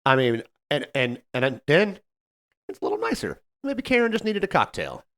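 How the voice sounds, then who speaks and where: A man co-hosting a podcast, telling a story about a difficult customer in a casual, animated way and acting out what people said. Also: a little high, moderate pace. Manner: animated, acts out customer quotes. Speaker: podcast co-host, server.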